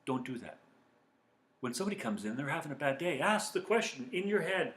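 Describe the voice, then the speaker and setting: A man giving calm, earnest self-help advice as a coach speaking to viewers. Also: on the high side, fairly quick. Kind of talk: motivational talk to viewers. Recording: echoey room.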